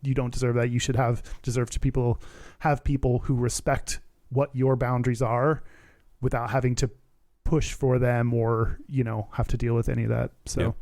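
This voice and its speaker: A man's voice: mid-range voice, level tone, moderate pace, darkish tone, no room sound. A man co-hosting a podcast in casual chat, explaining his points earnestly. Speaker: podcast co-host.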